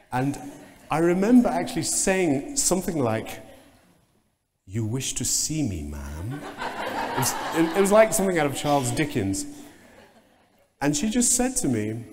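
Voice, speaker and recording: A man giving a conference keynote talk, telling anecdotes in an animated way and mimicking sounds and voices. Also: medium pitch. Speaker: keynote speaker. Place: large conference hall. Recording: long reverb of a conference hall.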